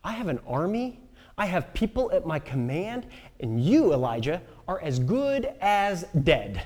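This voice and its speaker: A man's voice: sits high, very animated, measured pace, darkish tone, voice pushed down, full character voice. A man voicing a scornful queen who taunts and threatens her enemy. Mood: taunting.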